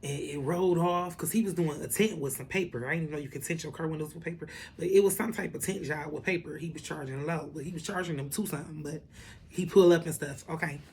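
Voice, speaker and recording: A woman telling a story in a casual vlog, animated and profane, with lots of asides to the viewers. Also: sits low, quick pace, slight background noise. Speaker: vlogger.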